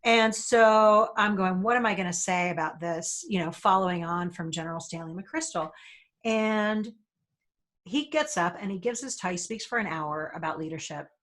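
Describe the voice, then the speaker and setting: A New woman speaking as a guest, telling a story in an animated way and acting out the people she quotes. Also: lowish voice, normal speed. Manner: animated, acts out quoted voices. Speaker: guest speaker, leadership facilitator. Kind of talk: storytelling conversation.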